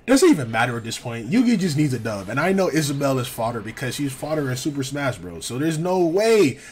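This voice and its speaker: Animated young man commentating a game. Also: mid-range voice, fairly quick, a little hiss or hum. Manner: animated, exasperated, heavy slang, frequent repeats. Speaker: gaming commentator. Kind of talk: casual gameplay commentary.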